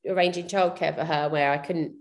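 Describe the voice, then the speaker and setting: Woman, thirties, slightly low pitch, candid and reflective, casual interview chat. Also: fairly even intonation, brisk. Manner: candid, reflective, with frequent fillers and restarts. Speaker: podcast guest, PR business founder.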